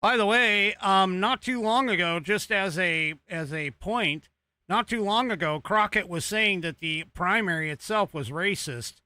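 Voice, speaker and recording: Male host, American accent, unhurried, bright voice, dry close sound, exasperated and rambling. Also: high voice, no echo. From United States. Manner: rambling, exasperated, sarcastic asides. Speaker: podcast host. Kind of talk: casual political commentary.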